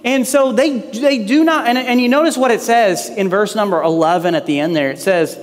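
A man's voice: sits high, normal speed, hardly any pauses, long reverb tail. A man preaching a sermon as pastor, in a conversational way that acts out quoted lines.

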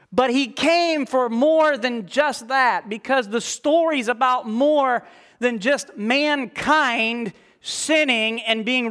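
A male preacher delivering a sermon, emphatic and reading scripture aloud in a slower, lifted voice. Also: very high-pitched, a bit bright, smooth.

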